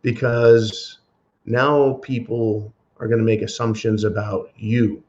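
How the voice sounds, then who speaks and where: A man's voice: lowish voice, little pitch movement, slow, a little mellow, dull audio. A man hosting a podcast, delivering a sarcastic, profane solo commentary rant. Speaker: podcast host.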